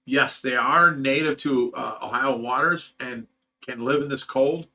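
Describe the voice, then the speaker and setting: Bright-voiced man chatting on a livestream. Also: mid-range voice, unhurried, gravelly. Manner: loose, chuckling, blunt and animated storyteller. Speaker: fish rescue host reading viewer comments. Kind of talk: casual livestream chat.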